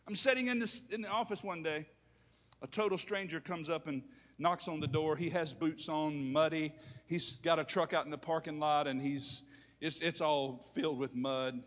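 A man preaching a sermon, swinging between loud preaching and quiet storytelling. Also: on the high side, normal speed. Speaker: pastor. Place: church sanctuary. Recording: long reverb of a large hall.

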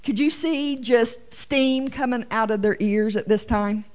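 A woman teaching the Bible to her congregation, reading scripture with slow emphasis and adding playful, animated asides. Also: a little high, clear, resonant tone. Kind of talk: sermon-style Bible teaching.

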